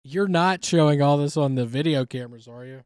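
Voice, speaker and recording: Deadpan joking man, slightly high voice. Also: fairly quick, clean tone, no echo, studio quality. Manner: deadpan absurd jokes, swears casually. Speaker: podcast co-host. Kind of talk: casual comedic banter.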